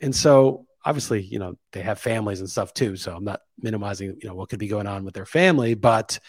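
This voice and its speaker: A man of ordinary pitch talks through his views in a loose, musing monologue. He thinks aloud and climbs higher and louder to hammer home a point. The sound is dry and close, with no room echo. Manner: opinionated, thinking aloud, rising emphasis on key points. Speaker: podcast host. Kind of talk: casual opinion monologue.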